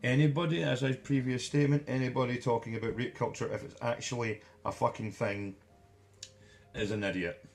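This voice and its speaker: A man's voice: medium pitch, steady tone, a little fast, soft background music. A man giving an angry, profanity-laden commentary as a vlogger, hurling insults.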